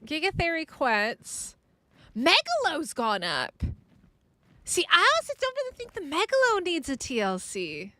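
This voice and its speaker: A woman gaming streamer with a high, bright voice that swings widely in pitch. She talks her way through her gameplay live, excitable and quick to burst into exclamations and laughter. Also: no echo. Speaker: game streamer.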